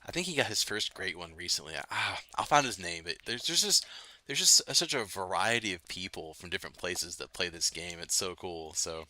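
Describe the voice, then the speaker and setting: A man hosting a late-night gaming livestream, chatting loosely with viewers, full of fillers and quick laughs. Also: sits low, animated, bright, forceful tone. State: itchy nose. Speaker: livestream host. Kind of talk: casual gaming livestream chat.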